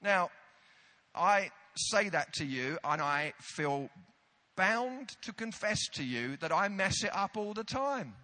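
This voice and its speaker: A man's voice: high-pitched, expressive, takes it slowly, pushed and bright. A British man preaching a sermon, telling a self-deprecating story with comic timing.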